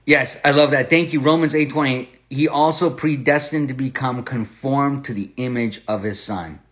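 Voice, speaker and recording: A man's voice: mid-range voice, normal speed, fairly bright tone. Man, podcast host, Bible study talk, earnest testimony, mid-range voice, stumbles and restarts. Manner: earnest storytelling with frequent restarts.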